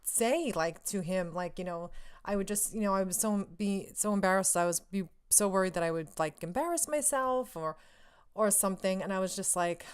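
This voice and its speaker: A young woman vlogger tells a story in a gushing, breathless rush, tripping over restarts and "like". Her voice is smooth and clear at a middle pitch. She laughs often while she talks. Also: moderate pace. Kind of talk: excited storytelling vlog.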